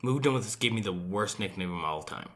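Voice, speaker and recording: A young man with a Utah accent co-hosting a podcast, telling stories in a profane, animated way. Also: fairly low pitch, fast. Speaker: podcast co-host. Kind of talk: casual chat.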